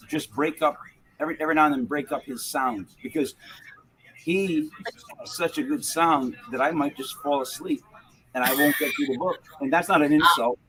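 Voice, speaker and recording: A man's voice: a little high, a bit bright, rough recording. A man hosting a podcast in a rambling, joking manner, full of restarts. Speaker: podcast host. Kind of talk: casual podcast chat.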